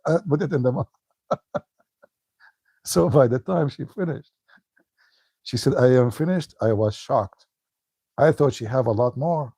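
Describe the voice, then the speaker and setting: A man's voice: medium pitch, a little slow, creaky, long pauses, mellow, husky, no room sound. A man giving a casual livestream talk as an online commentator, joking and laughing often.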